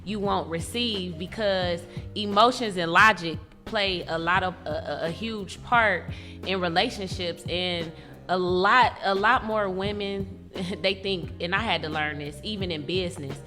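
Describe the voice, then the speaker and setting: A woman's voice: fairly low pitch, a little slow, bright, forceful tone. A woman guest giving her frank opinions in casual talk-show chat, often trailing off and restarting her sentences. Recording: reverberant room with music behind.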